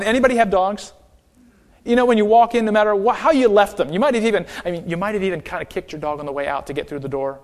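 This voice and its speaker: A man's voice: high voice, fast talker. A male pastor preaching an emphatic sermon and calling out for an amen.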